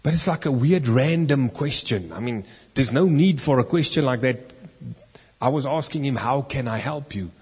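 A man preaching a sermon as an animated story, now and then rising loud for the key lines. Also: mid-range voice, moderate pace, breathy edge. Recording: long reverb in a hall.

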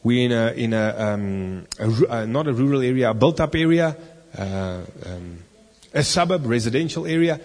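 A man preaching a sermon as an animated story, now and then rising loud for the key lines. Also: mid-range voice, brisk. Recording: long reverb in a hall.

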